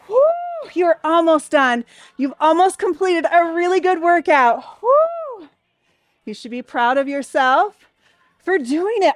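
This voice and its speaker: Slightly breathless, a young adult Pilates instructor counts reps and cheers her class on. Her voice sits high, and the recording has no echo.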